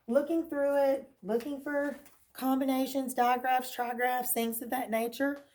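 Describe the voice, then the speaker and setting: A woman's voice: on the high side, a little mellow. Patient woman teaching a phonics lesson. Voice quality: clears her throat now and then. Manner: patient, checks in with frequent "okay?"; asks questions then answers them herself. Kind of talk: recorded remote phonics lesson.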